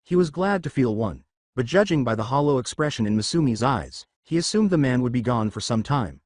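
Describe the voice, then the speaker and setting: Man, fan fiction narrator, steady reading, lively pitch, dry sound. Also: fairly quick, no room sound. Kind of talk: fan fiction read-aloud.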